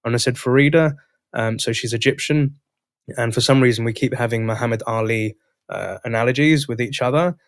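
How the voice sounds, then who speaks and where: A man hosting a podcast, telling a coaching story in a casual, animated way. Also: mid-range voice, brisk, no room sound, studio quality. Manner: animated, acts out both sides of dialogues. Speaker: podcast host and sales coach.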